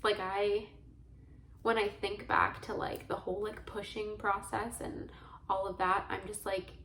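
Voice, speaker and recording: A woman's voice: mid-range voice, flat delivery, a little slow, fairly bright tone, a little hiss or hum. Chatty young woman, echoey room. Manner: chatty, heavy use of "like", earnest and emotional. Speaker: vlogger. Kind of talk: casual storytelling to camera.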